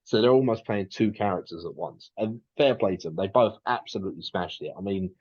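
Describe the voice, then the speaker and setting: A man's voice: lowish voice, a little fast, slightly rough, highs cut off. A man co-hosting a podcast, chatting casually and rambling with lots of restarts and fillers. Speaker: podcast co-host.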